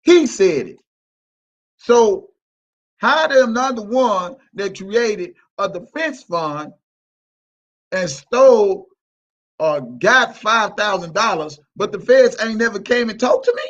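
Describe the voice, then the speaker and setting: A man's voice: high-pitched, animated, slow, fairly bright tone, dull audio. A man hosting a livestream, ranting in a mocking, repetitive, profane way. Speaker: livestream host. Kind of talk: heated livestream rant.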